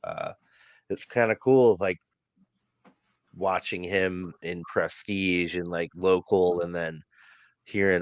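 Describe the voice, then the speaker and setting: A man's voice: low-pitched, slow, pauses often, smooth, dry recording, muffled recording. A man co-hosting a wrestling podcast, recapping a show casually with many fillers and easy laughs. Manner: relaxed recap with many ums and uhs, laughs easily. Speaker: podcast co-host. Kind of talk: casual wrestling review chat.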